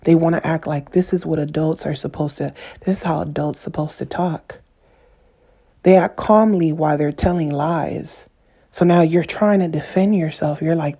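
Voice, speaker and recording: Speaking at a moderate pace in a lowish, mellow, husky voice, this woman vlogger delivers an earnest, casual monologue to camera. She keeps repeating and rephrasing things for emphasis, and the recording has its highs cut off.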